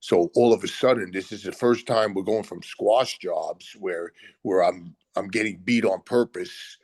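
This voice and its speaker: An older man telling animated stories as a guest, acting out other people's lines in quotes. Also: deep voice, unhurried, slightly rough, dry recording. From Brooklyn, USA. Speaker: retired pro wrestler guest. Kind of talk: animated storytelling.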